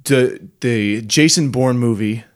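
Laughing, animated man telling stories. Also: medium pitch, slow pace. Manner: animated storyteller, laughs often, mimics voices. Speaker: podcast co-host. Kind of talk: casual chat.

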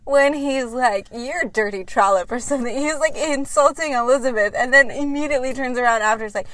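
A woman's voice: sits high, fairly bright tone, no room sound. A woman in casual chat about a book, blunt and swearing freely. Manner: blunt, swears, quick asides.

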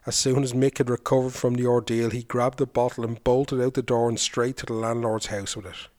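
A man's voice: mid-range voice, little pitch movement, brisk, darkish tone. A man hosting a podcast, narrating a folk tale and then chatting reflectively about it. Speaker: folklore podcast host. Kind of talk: storytelling narration.

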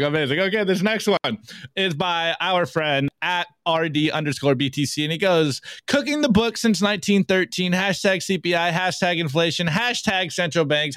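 A man hosting a live podcast, reviewing memes in an energetic, casual way and hyping up his audience with catchphrases. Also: high-pitched, no echo, clean studio sound. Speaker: podcast host.

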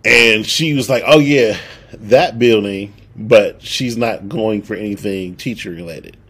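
Young male podcast co-host, low husky voice, casual profane storyteller who acts out the dialogue. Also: measured pace, a bit bright.

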